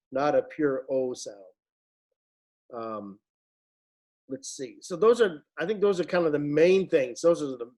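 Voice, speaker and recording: A fairly high, somewhat mellow male voice guides singers through an online rehearsal. Patiently, he breaks down Latin diction and shows how each sound should be made.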